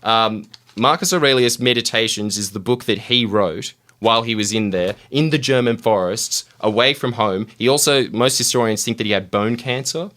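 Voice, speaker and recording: A man's voice: medium pitch, moderate pace, hardly any pauses, a bit bright. A man hosting a casual podcast, telling history with jokey, mock-solemn asides. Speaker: podcast host. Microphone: studio mic.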